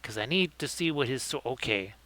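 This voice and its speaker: Bright-voiced, chatty man painting live. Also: mid-range voice, expressive, fairly quick. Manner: chatty, jokey, talks through his brushwork. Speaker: livestream host painting miniatures. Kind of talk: casual live commentary.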